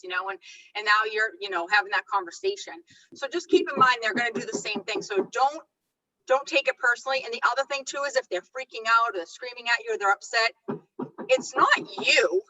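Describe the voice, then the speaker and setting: A woman leading a live real estate training session, chatty and animated, often stopping herself mid-thought. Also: a little high, fast talker, distant mic, poor audio. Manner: chatty, animated, self-interrupting.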